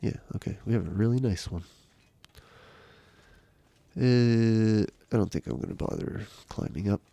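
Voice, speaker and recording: A deep, gravelly male voice, dark in tone and thick with a stuffed-up nose, talks through a live survival game in a relaxed, rambling way. He reads viewers' messages aloud and comments on them. The sound is dry and close to the mic. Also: unhurried, dry recording. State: stuffy, nasal from a cold. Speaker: streamer.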